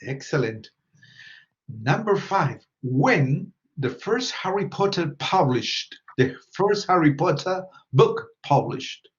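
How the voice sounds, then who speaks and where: Guy teaching english, kinda high voice, patient, keeps prompting the class. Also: expressive, takes it slowly, dull audio. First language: Spanish. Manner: patient, repeats questions and prompts students.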